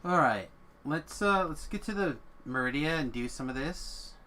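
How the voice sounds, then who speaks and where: A man's voice: fairly high pitch, lively intonation, moderate pace, pushed and bright, slight background noise. A man streaming a game, making wry, mumbling asides to himself and chatting with a friend as he plays. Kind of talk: casual gameplay commentary.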